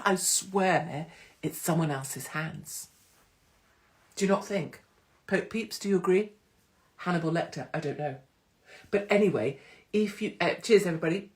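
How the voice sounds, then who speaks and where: Streaming live on social media from her phone, a woman talks casually in a low-leaning voice at a moderate pace, leaving long pauses. Her tone is irreverent and sweary, and she drops into mocking impressions.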